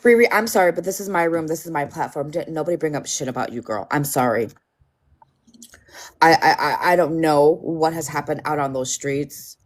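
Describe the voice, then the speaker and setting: A woman's voice: deep voice, moderate pace. A woman hosting a casual livestream, blunt and sweary, scolding her chat and joking around. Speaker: livestream host.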